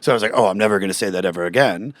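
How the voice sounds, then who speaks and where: Animated man telling stories. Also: lowish voice, very fast, no room sound. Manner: animated storytelling, acts out quotes in a raised voice. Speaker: guest comedian. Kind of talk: casual podcast chat.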